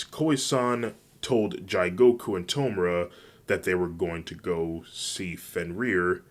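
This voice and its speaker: A man reading a fan fiction story aloud in a plain, even way. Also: low-pitched.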